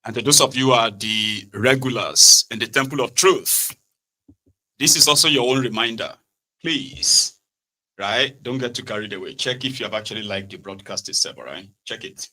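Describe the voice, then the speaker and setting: A man's voice: mid-range voice, normal speed, pushed and bright, rough recording. A Nigerian man hosting a political talk show, chatty and sarcastic, often tagging his remarks with "right?". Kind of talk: casual political commentary.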